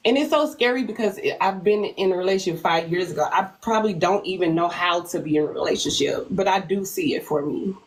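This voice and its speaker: A woman answering questions on a dating show in a hesitant, halting way. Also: on the low side, poor audio. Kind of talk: casual answers on a live show.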